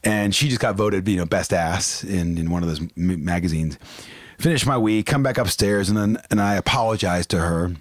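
A man's voice: sits low, normal speed, dry recording, studio quality. A middle-aged man, a barbecue cook and DJ, telling anecdotes in casual chat and laughing at his own jokes.

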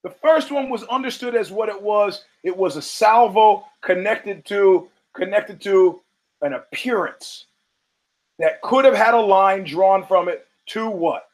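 Profane storytelling man, slightly high voice. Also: measured pace, low-quality recording. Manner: profane storytelling with acted-out quotes. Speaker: podcast host. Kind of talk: casual monologue.

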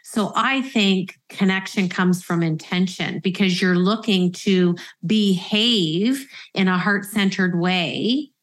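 A woman in her fifties hosting a podcast, speaking earnestly and reflectively, slowing down to stress key phrases. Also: medium pitch. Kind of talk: reflective conversational interview.

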